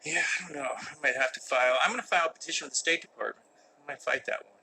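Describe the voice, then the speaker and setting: Middle-aged man, casual live Q&A, mock-serious humor, very bright edgy tone. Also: on the high side, very fast, vocal fry, slight background noise, rough recording. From United States. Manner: reads fan questions aloud, joking and mock-serious. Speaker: actor hosting a live Q&A. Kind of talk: casual live-stream chat. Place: indoor room with a window that does not open.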